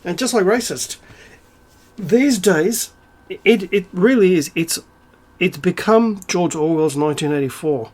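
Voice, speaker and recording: A man with a somewhat high voice rants to camera in a profane, sarcastic and indignant way. He keeps tossing out rhetorical questions and "um"s between jabs. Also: a little slow, a little mellow. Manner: rhetorical asides and frequent fillers. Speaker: video creator. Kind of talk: ranting monologue to camera.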